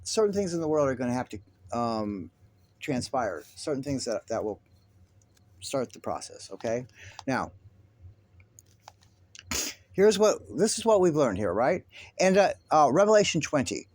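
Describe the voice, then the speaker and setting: A man hosting his own online commentary, talking in an agitated, halting way with many restarts and swearing. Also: medium pitch, big pitch swings, a little mellow. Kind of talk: rambling religious commentary.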